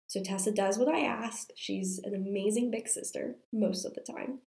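Sick young mom, strained voice. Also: female voice, medium pitch, moderate pace, gravelly, darkish tone. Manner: chatty, confiding, many fillers. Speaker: mom vlogger. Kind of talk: casual storytelling to viewers. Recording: roomy echo.

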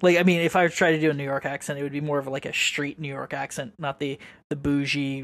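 A man's voice: on the high side, flat delivery, fast, hardly any pauses, a bit bright. A man co-hosting a podcast in casual chat, rambling, musing and swearing freely. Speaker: podcast co-host.

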